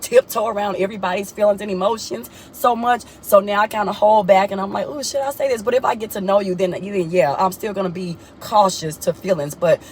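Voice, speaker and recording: A young woman tells a personal story in a casual vlog, talking straight to her viewers. Her voice sits mid-range, and it leaps up in pitch when she gets excited. Repeats herself often, with faint background noise. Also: brisk, few pauses. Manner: animated, expressive, often jumps high in pitch when excited. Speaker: vlogger.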